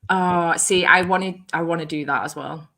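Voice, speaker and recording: A woman's voice: on the low side, steady tone, normal speed, sharp tone. A woman hosting a casual chat over a video call, laughing often. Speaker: host.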